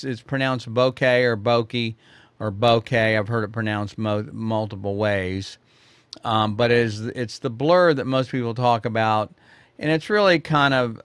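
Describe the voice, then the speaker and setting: Chatty low-voiced male photography teacher. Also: smooth, no echo. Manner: rambling, many fillers and restarts; chatty, addresses viewers directly. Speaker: photography teacher hosting a live quiz. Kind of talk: casual live-stream teaching.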